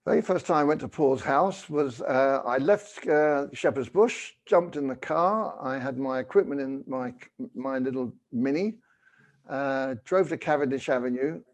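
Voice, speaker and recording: A man's voice: medium pitch, measured pace. A man in his seventies, a guest telling stories in a rambling, anecdotal way over a video call. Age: 70s. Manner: rambling, anecdotal, full of "you know". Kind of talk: casual storytelling.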